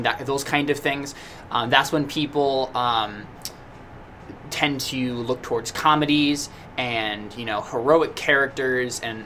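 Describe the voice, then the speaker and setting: Bright-voiced, talkative man. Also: mid-range voice, a little hiss or hum. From United States. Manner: talkative, thinks aloud with many restarts. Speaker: podcast co-host. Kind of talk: casual podcast discussion. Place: small indoor room with a noisy fan.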